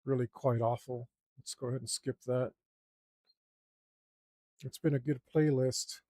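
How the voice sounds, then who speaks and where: A man's voice: medium pitch, fairly even intonation, measured pace, warm tone, dry recording. A young man inking a drawing, casually muttering and criticizing his own lines as he works. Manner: self-critical, mutters to himself while drawing. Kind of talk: casual work-along commentary.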